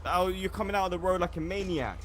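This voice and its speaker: A man's voice: high-pitched, quick pace, slight background noise. Teasing man playing a cop. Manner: teasing, deadpan jabs. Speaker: roleplay police officer. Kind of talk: in-character game roleplay chat.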